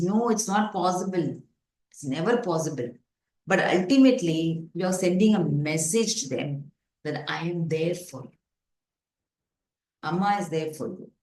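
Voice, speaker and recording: A woman's voice: on the low side, darkish tone. A woman leads a parenting workshop, speaking in an earnest, instructive way. She restarts sentences and leans on fillers. She keeps checking in with her audience. Her voice bounces around a reverberant room. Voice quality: frequent fillers and self-corrections, rhetorical check-ins. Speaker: parenting coach. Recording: echoey room.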